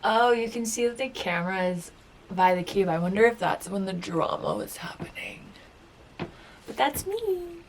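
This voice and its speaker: A woman recalling her time as a game show contestant in a casual reaction video, chatty and full of filler words, sometimes dropping to a soft whisper. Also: medium pitch, normal speed, a little hiss or hum. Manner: chatty storytelling, lots of filler "like".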